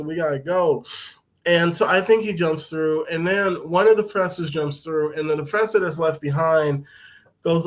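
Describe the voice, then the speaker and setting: Man podcast host, slightly high voice, casual profane recap full of fillers. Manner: loose, profane, laughs often, many fillers.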